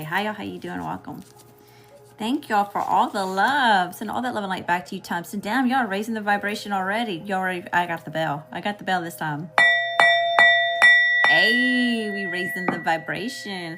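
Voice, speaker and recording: A woman's voice: lowish voice, gravelly, fairly bright tone. A woman with a Southern US accent giving a live tarot reading, casual and chatty, often checking in with her viewers. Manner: casual, keeps checking in with "okay?" and greeting chat. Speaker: tarot reader.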